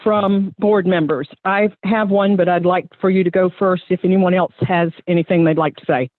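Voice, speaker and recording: A woman's voice: fairly low pitch, steady tone, normal speed, no echo. A woman chairing a public hearing in a formal, procedural way. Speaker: board chair. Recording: tinny phone line.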